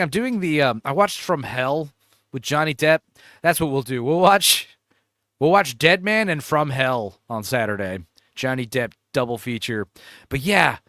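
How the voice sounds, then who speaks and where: A man hosting a casual watch-along, joking and laughing with animated, profane banter. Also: medium pitch, no echo, clean studio sound. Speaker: stream host.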